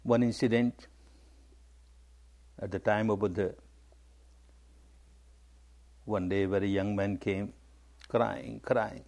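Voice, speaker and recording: A man's voice: fairly low pitch, moderate pace, darkish tone. A man giving a spiritual talk, emphatic and repetitive, stressing key words. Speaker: meditation teacher. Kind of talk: dharma talk.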